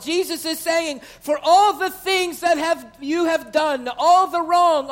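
A male pastor, praying and then preaching a sermon in a church, stretching key phrases as his intensity builds. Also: extremely high pitch. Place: church sanctuary.

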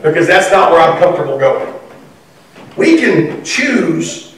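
A man with a high voice preaches a conversational sermon and slips into the voices he quotes. He sounds distant, caught by a mic well away from him. A strong echo fills the room. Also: big pitch swings, slow, long pauses. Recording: echoey room from far off.

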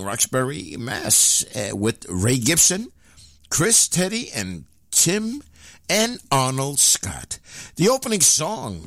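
Lively-pitched male radio host. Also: no echo. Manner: rambling, frequent filler pauses. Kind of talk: casual radio announcing.

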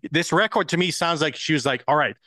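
A man's voice: fairly high pitch, a little fast, no echo. A man co-hosting a podcast in casual chat, rambling and swearing as he muses, with a mixed accent. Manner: rambling, profane, animated musing. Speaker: podcast co-host.

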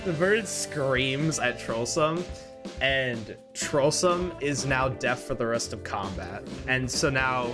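A man's voice: mid-range voice, expressive, slow, music in the background. A young man narrating as game master of a tabletop game, chatty and laughing often.

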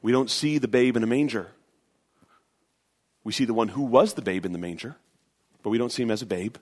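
A man's voice: mid-range voice, brisk. A man preaching a sermon as pastor, earnest and emphatic, often repeating phrases for stress.

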